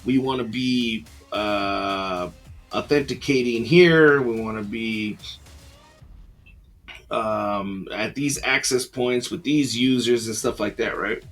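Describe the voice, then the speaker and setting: Man, husky voice, rambling casual explainer, faint music behind. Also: fairly low pitch, slow pace, a bit bright. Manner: rambling, many fillers and restarts, self-deprecating. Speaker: book reviewer.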